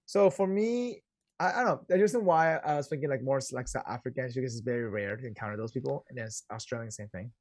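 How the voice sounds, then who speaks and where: A man co-hosting a casual podcast chat, excitable and quick to interrupt with questions. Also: medium pitch, no echo, clean studio sound. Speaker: podcast co-host.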